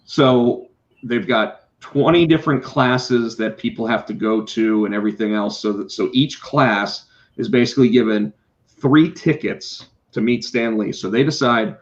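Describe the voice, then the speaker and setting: A middle-aged man, a podcast co-host and comic book artist, telling a story in casual chat, animated, swearing and acting out what people said. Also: medium pitch, a little slow. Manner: animated, swears, acts out quotes. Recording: slightly dull lo-fi sound.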